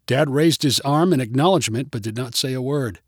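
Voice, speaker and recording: A man narrating a storybook in an expressive, even-paced way. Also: medium pitch, a little fast, husky, no echo, clean studio sound. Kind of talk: storybook reading.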